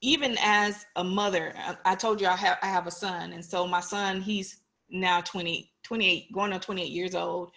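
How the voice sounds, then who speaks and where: A woman's voice: fairly low pitch, fairly even intonation, moderate pace, bright, forceful tone. A woman in her forties, a police officer, giving an earnest, personal talk to an online audience and putting questions to them directly.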